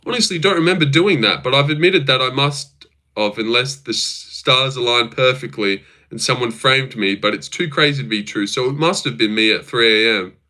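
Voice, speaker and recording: Bright-voiced young man chatting on a livestream. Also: mid-range voice, normal speed. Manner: crude, teasing banter with chat, frequent swearing. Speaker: livestream host. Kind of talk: casual livestream chat reacting to chat.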